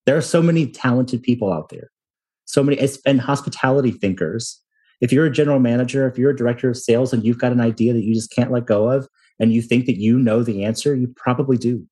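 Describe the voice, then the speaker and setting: Man, thirties, breathy voice, casual interview guest, self-deprecating, laughs a lot. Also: mid-range voice, quick pace, mellow. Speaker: hotel company founder, guest.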